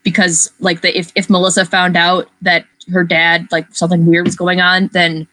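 A woman's voice: lowish voice, monotone, normal speed, sharp tone, dry recording, poor audio. A woman in casual book discussion, chatty, often restarting her sentences. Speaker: book club podcast member.

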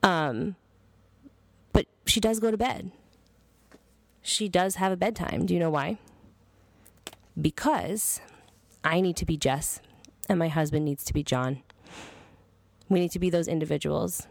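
A woman's voice: lowish voice, measured pace, creaky, pauses often, dry recording. A woman in her thirties hosting a podcast monologue, blunt, earnest and freely profane. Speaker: podcast host. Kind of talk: casual monologue.

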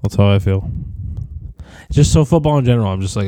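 A man's voice: fairly low pitch, lively intonation, normal speed, pauses often, mellow, no echo, clean studio sound. A man in his twenties, sick and coughing, rambling through a profane solo audio diary that drifts from topic to topic. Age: 20s.

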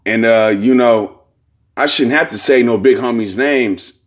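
A man's voice: mid-range voice, unhurried. Rambling, profane man on his podcast. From California. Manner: rambling, heavy fillers and profanity. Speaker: podcast host. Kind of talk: casual podcast monologue.

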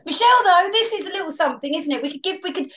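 A woman in her fifties co-hosting a podcast in casual chat, teasing and playful, often jumping in quickly. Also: high voice, lively intonation, fairly bright tone. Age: 50s. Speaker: podcast co-host.

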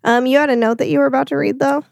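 A woman's voice: sits high, steady tone, rapid-fire, creaky, a little mellow, dry recording, studio quality. A young woman co-hosting a movie podcast in casual, chatty talk full of likes and ums. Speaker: podcast co-host.

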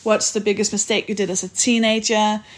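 A woman hosts her podcast and chats her way through the closing segment. She reads out a long list of supporter names in a conversational tone. Her voice sits at a mid pitch for a woman. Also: level tone, brisk. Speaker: podcast host. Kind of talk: casual chat and read-out outro.

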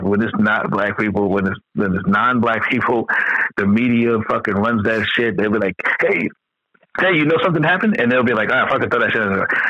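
A man chatting casually on a podcast, heated and emphatic with lots of swearing. His voice sits at an ordinary pitch. The recording is dry and a little dull. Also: no echo. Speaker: podcast co-host. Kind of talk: casual profane chat.

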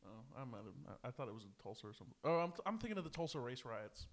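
Lively, swinging-voiced podcast co-host. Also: male voice, medium pitch, very fast. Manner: crude, excitable interjections. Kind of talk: casual podcast banter.

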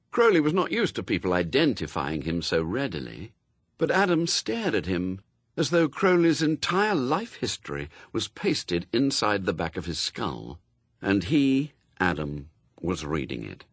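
A man narrating a storybook in a wry, expressive reading, close to the mic. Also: fairly low pitch, unhurried, no echo. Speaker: audiobook narrator. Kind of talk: scripted narration.

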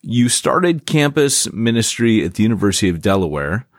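Lively low-voiced male host. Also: normal speed, dry recording, studio quality. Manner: playful, jokey. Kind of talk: casual interview chat.

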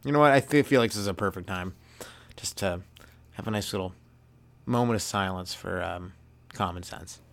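A man's voice: low voice, moderate pace, gravelly, long pauses, a bit bright, a little hiss or hum. A young man hosting a comedy podcast, rambling through a casual monologue, swearing and laughing at his own jokes.

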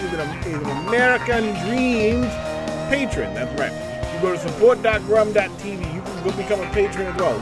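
A man's voice: high voice, natural voice. A man putting on the voice of a boastful male wrestling legend for a comic ad read, full of swaggering catchphrases and promo patter.

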